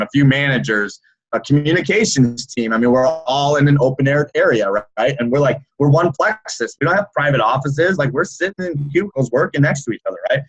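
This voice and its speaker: Loud, animated man coaching on a call. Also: medium pitch, slightly rough, rough recording. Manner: energetic storytelling with many "right?" and "okay?"; loud and animated, by his own account. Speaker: business coach. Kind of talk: motivational talk on a video call. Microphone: video call.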